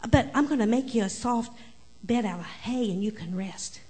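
A woman doing a gentle, apologetic husband. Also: fairly high pitch, normal speed, breathy edge. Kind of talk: storytelling for children.

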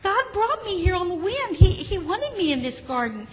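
A woman voicing a gentle, sad little male raspberry bush in a children's story, pitched up and pleading. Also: sing-song, moderate pace. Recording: hall with faint background noise.

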